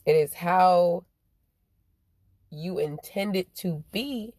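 Recorded close and dry, without any room sound, a woman with a low, darkish voice rambles through a stream-of-consciousness rant laced with constant swearing. Some phrases she stretches out slowly; others she rushes through in quick bursts.

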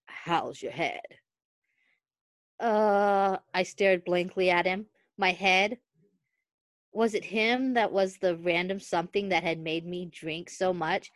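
A woman podcast host reading a fan fiction story aloud, expressive and quick to break into laughter. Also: lowish voice, dry recording.

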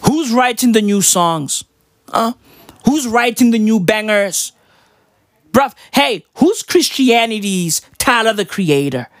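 A woman delivering a profane comedic rant, firing off rapid rhetorical questions and swinging between low mutters and high squeals. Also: lively intonation, no echo, clean studio sound.

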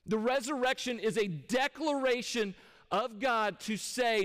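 A man's voice: very high-pitched, unhurried, a bit bright. A man preaching a sermon from the front of a church, talking in a conversational way and firing rhetorical questions at the congregation. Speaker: pastor. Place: church sanctuary. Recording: long hall reverb.

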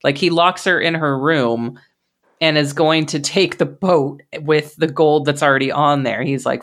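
A woman's voice: sits low, measured pace. A woman hosting a podcast, recapping a film in casual chat, swearing freely and laughing in disbelief. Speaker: podcast host.

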